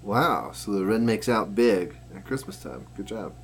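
A man chatting casually as a podcast co-host, hesitant and pausing on "um". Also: on the low side, animated, a little hiss or hum. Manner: unhurried, hesitant with many "um"s. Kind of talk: casual chat.

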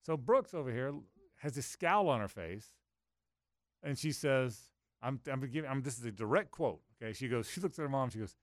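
A man's voice: on the high side, expressive, moderate pace, a bit bright, no echo, clean studio sound. Rambling self-mocking male radio host. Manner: rambling storyteller, self-mocking, lots of restarts. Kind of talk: casual radio banter.

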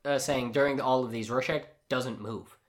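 A man in an ordinary middle register talks casually on a podcast, walking through a comic's scenes. He tells it like a storyteller, with loose asides. His voice sits at an average pitch. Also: normal speed. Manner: animated storyteller who acts out characters' lines. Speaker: podcast co-host. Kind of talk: casual chat recapping a comic book.

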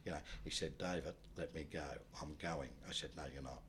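A man telling a personal story in a rambling, halting way, often dropping low and quiet. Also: a little hiss or hum. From Australia. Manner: rambling, many restarts, low and subdued when recalling loss. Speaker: guest telling his life story. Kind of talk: casual spoken storytelling.

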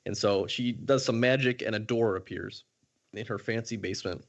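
A man's voice: on the low side, moderate pace, highs cut off. A man co-hosting a podcast, walking through an episode recap in casual chat, methodical with many fillers. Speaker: podcast co-host.

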